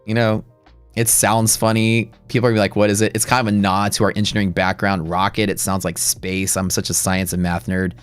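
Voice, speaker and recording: A man's voice: low-pitched, little pitch movement, a little fast, clean tone, soft background music. A middle-aged man hosting a live day-trading stream, telling a story in a blunt, profane, rambling way with many restarts.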